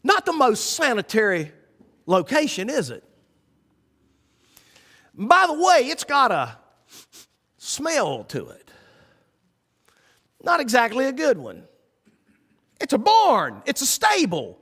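Pastor preaching, high lively voice, echoey church. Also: male voice, slow pace, pauses often, breathy edge. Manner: folksy, animated storytelling. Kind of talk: sermon.

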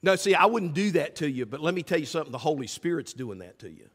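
Animated preacher in a reverberant church. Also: male voice, a little high, fast talker, breathy edge. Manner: animated preaching, swings from loud calls to hushed asides. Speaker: pastor. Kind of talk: sermon. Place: church sanctuary. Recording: church sanctuary with long reverb.

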